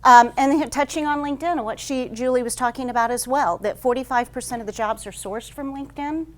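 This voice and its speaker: Woman, HR consultant, conference talk, rapid pace, lively storytelling, live audience. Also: high voice. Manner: fast-paced, says she talks like an auctioneer; lively storytelling with frequent "um" fillers. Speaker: HR consultant giving a presentation.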